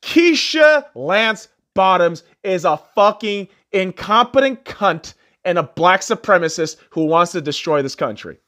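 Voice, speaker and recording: A man's voice: high voice, big pitch swings, measured pace. Angry swearing man ranting. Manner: angry, insulting, swings between yelling and muttering. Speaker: podcast host. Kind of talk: profane political rant.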